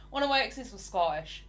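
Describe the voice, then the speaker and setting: A woman's voice: a little high, huge pitch swings, a little slow, fairly bright tone. An English woman in her forties, chatting casually with viewers on a livestream and answering their comments. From England. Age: 40s. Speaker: livestream host.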